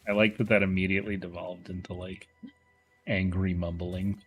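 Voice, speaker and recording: A man streaming a game, chatting casually and playfully teasing his chat, often dropping into quiet muttering. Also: deep voice, little pitch movement, normal speed, soft background music. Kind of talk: casual live-stream commentary.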